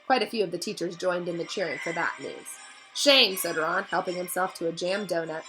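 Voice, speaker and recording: A woman reading a novel aloud in a steady storybook narration, now and then stumbling over a word. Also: lowish voice, brisk, over music, poor audio. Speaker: reader.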